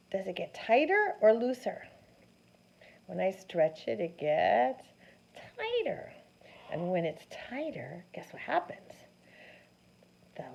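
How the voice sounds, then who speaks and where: A woman teaching a science lesson to children, animated and sing-song, often asking them questions. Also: medium pitch, creaky, husky. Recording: dull lo-fi sound with faint noise.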